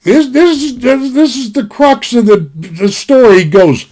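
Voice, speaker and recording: Guy with a kinda high voice rambling thru an old story, folksy, lots of restarts, desktop mic. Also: measured pace, a little mellow. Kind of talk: casual spoken storytelling. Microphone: desktop recording.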